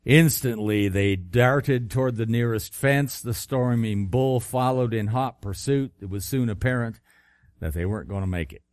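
A man preaches a sermon at a medium pitch. He talks in a conversational way, with occasional fillers and restarts. The sound is dry and close. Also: normal speed, darkish tone, dry recording. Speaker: pastor.

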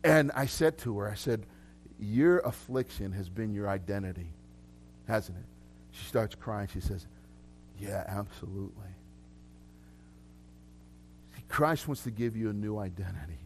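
A man's voice: on the low side, lively intonation, moderate pace, a little hiss or hum. A man preaching a sermon as pastor, talking conversationally with repeated words and frequent laughs. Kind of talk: sermon with prayer ministry.

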